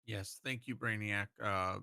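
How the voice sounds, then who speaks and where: A man co-hosting a casual live interview, talking slowly and earnestly with frequent pauses and fillers. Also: on the low side, steady tone, pushed and bright, smooth, dry recording, studio quality. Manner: slow, halting, earnest. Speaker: podcast co-host.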